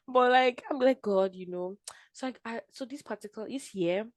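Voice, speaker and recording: A woman, a podcast guest telling her story in a casual, animated way and acting out her own quotes. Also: high-pitched, moderate pace, no echo. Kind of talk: casual testimony chat.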